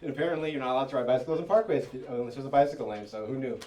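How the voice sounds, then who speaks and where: A man with a warm, mid-range voice talks very fast into a handheld mic, heard from a distance, doing amateur stand-up in a restaurant event space with a live audience. He tells personal stories full of fillers, in a self-deprecating tone.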